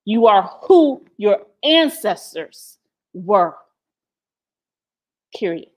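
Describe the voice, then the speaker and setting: A woman's voice: medium pitch, measured pace, long pauses. Woman, livestream host, teary, passionate, swears freely, repeats lines for emphasis. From United States. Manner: passionate, profane, speaks in emphatic repetitions. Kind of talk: emotional livestream talk.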